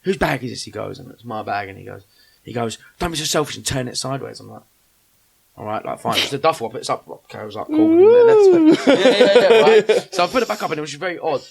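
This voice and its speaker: A young man telling a funny travel story on a podcast, animated and swearing freely as he acts out what people said. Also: a little high, fast talker, vocal fry, husky.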